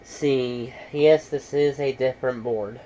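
A man's voice: medium pitch, fairly even intonation, slow, mellow, a little hiss or hum, low-quality recording. A man casually talking through a laptop repair in a how-to vlog, rambling and matter-of-fact. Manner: rambling, many fillers and restarts. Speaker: computer repair vlogger.

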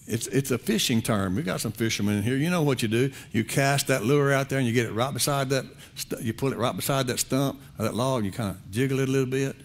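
A male pastor preaching a sermon in a conversational, folksy way, repeating phrases for emphasis. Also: medium pitch.

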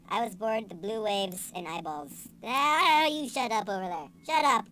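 Excitable high-voiced young woman gamer. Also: normal speed, hardly any pauses, heavy background noise. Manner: excitable, sarcastic, swears and yells at the game. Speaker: gaming channel host. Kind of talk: let's play commentary.

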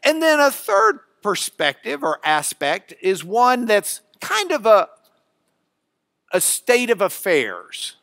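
A man's voice: high voice, huge pitch swings, slow pace, gravelly, a bit bright, no echo, studio quality. A man teaching a Bible class, folksy and chatty, with asides and restarts. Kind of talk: classroom lecture.

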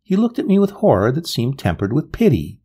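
A man narrating a gothic tale in a measured, dramatic way. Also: huge pitch swings, dark tone, husky. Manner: measured, dramatic, with wide swings of pitch. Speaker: storyteller.

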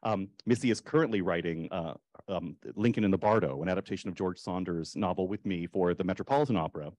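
A man's voice: deep voice, fast, a little mellow, dry recording. A man, a librettist, talking through his writing process on a discussion panel, with many fillers and restarts.

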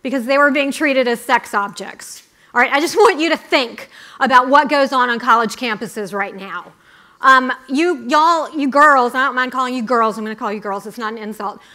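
Bright-voiced brisk woman giving a talk. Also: sits high. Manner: brisk, chatty, with asides and laughs. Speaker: conference speaker. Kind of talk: speech to a student audience.

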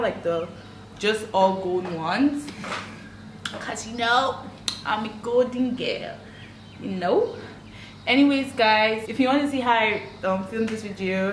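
A woman's voice: mid-range voice, a little hiss or hum. Chatty woman vlogging in an echoey room. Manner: chatty, upbeat, frequent "like" fillers. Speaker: makeup vlogger. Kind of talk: casual chat to camera.

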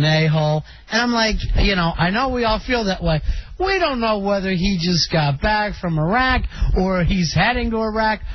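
High-voiced man hosting talk radio. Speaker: radio show host. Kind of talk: talk radio chat with callers. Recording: dull lo-fi radio broadcast.

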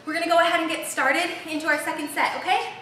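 A woman's voice: very high voice, little pitch movement, fast talker, sharp tone. A young woman coaching a live workout, upbeat and cheering through the reps while out of breath. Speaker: fitness instructor. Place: large empty home gym floor. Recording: echoey room, mic far off.

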